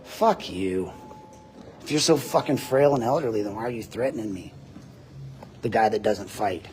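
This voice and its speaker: A man hosting a livestream from a body-worn camera, ranting in a loud, deep voice, combative and profane. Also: brisk, slight background noise. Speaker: host, citizen journalist. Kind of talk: livestreamed rant. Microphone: body-worn camera mic.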